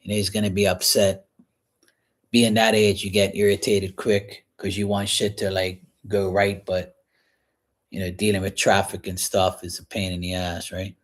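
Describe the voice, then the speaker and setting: A man hosting a casual livestream from his kitchen while washing dishes, talking frankly and rambling, often clearing his throat. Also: deep voice, little pitch movement, normal speed. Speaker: livestream host reading chat. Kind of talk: casual chat.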